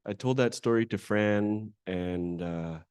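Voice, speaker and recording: A man's voice: fairly low pitch, slow pace, a little mellow, clear, resonant tone, dry recording, clean studio sound. A man emceeing a conference, introducing a panel and then telling a candid, self-deprecating personal story to a live audience in a conversational way. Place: conference hall.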